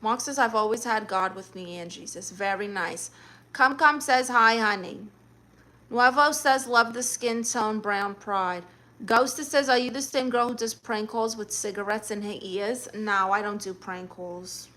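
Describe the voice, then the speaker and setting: A woman's voice: medium pitch, a little slow, bright, forceful tone. A young adult woman hosting a livestream, reading chat messages aloud and answering with sassy, teasing comebacks.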